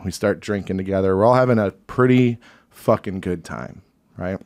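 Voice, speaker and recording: A man from Texas, a podcast guest, telling an animated, profane story in casual chat. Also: deep voice, normal speed.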